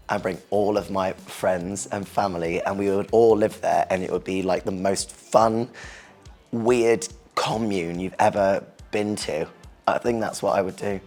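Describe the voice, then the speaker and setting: A man's voice: fairly low pitch, darkish tone. An English man in his thirties, talking casually in a chatty, rambling way with light laughs. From England. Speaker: interviewee. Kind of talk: casual chat.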